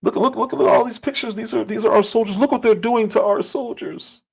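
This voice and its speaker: A man's voice: extremely high pitch, a little fast, vocal fry, darkish tone, husky, poor audio. A man hosting a livestream and giving casual political commentary. He talks emphatically and repeats phrases for stress.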